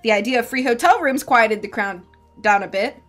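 A woman reads a novel aloud on a live stream, her voice sitting slightly high. She breaks into chatty, giggly asides to her viewers. Faint music plays behind her. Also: fairly quick, fairly bright tone. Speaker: streamer reading a book aloud. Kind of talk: live-stream storybook reading and chat.

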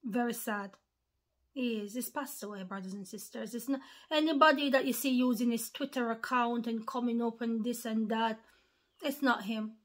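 This slightly high-voiced woman delivers an earnest, informal sermon to followers online, keeping a fairly even intonation at normal speed. Key phrases come back again and again, she addresses everyone as brothers and sisters, and her voice moves from almost a whisper to forceful declarations.

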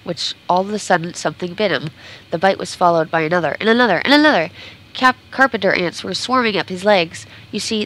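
A woman's voice: lowish voice, fairly bright tone, slight background noise, low-quality recording. A woman game streamer reading a storybook aloud during a playthrough, sometimes stumbling and correcting herself.

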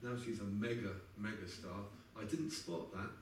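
A man in his sixties, his voice fairly low and fairly even in intonation at a normal pace, tells chatty, wry anecdotes between songs and laughs at them. The sound comes from a distant mic in an echoey live venue, with background noise and guitar in the mix.

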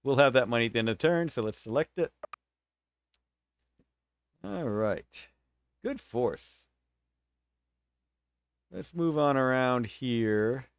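A man's voice: mid-range voice, expressive, slow, long pauses, clear, resonant tone, no room sound, studio quality. This is a man at ease, thinking aloud as he plays through a strategy game for viewers. His middling voice swings up and down expressively, and he drops playful sound effects into the battles while he explains each move. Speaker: game streamer. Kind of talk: casual gameplay commentary.

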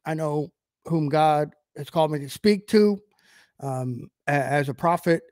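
A man's voice: fairly high pitch, a little slow, darkish tone, no echo, clean studio sound. Chatty man preaching on a livestream. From United States. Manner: conversational, many fillers and restarts. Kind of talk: livestreamed Bible teaching.

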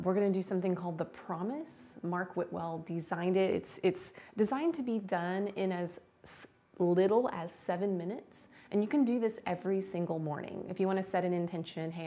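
A woman teaching a live-streamed beginner yoga class, giving gentle cues and chatting with viewers. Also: fairly low pitch.

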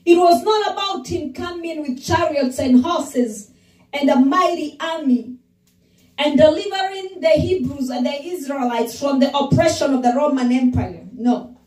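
A woman pastor preaching a sermon, slow and emphatic, building on repeated phrases. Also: high voice, darkish tone, roomy sound, recorded from a distance, poor audio.

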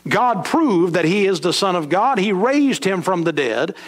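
A middle-aged man preaching a sermon in a church sanctuary, his voice pitched a touch high for a man. He leaps upward on emphatic lines and then sinks low and slow to drive each point home. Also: animated. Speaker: pastor.

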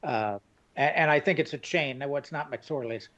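An older man co-hosting a casual chat, reminiscing and hesitant, with many pauses. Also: mid-range voice, a bit bright. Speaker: co-host. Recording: dull lo-fi sound.

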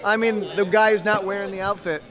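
A man's voice: high voice, fairly even intonation, brisk, a crowd in the background. A man playing team coach, trash-talking with brash jokes. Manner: joking, brash trash talk.

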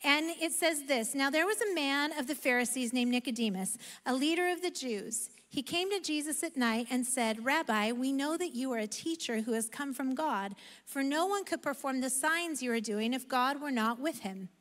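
A woman pastor giving an animated, emphatic sermon in a church sanctuary. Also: sits high, normal speed. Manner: animated, emphatic preaching with self-aware asides. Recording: long reverb of a large hall.

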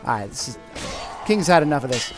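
A man's voice: fairly high pitch, brisk, over music. A man hosting a let's play, commenting on his game with light roleplay and giving orders to his troops. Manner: animated, excitable, gives orders to troops. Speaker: gaming channel host.

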